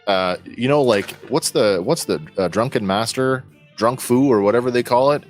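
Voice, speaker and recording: A man playing a tabletop game, thinking out loud in a rambling, casual way. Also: medium pitch, moderate pace, faint music behind. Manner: rambling, full of fillers and restarts. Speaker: player.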